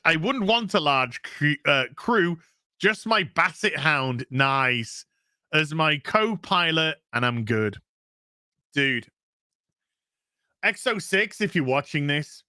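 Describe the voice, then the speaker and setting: A man's voice: on the high side, pushed and bright, dry recording, clean studio sound. A man hosting a casual live stream, reading out donations and thanking viewers in a loose, crude, jokey way.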